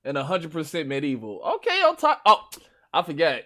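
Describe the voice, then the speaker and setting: A man with a Chicago accent, hosting a stream with loud, profane, boastful trash talk about games. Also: a little high, wildly swooping pitch, brisk. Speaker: stream host. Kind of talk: casual gaming chat.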